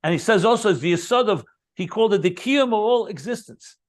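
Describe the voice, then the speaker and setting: A man's voice: high voice, animated, fast talker. A man teaching a Chassidic text, explaining it line by line, repeating key terms and adding enthusiastic asides. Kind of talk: Talmudic-style text study lesson.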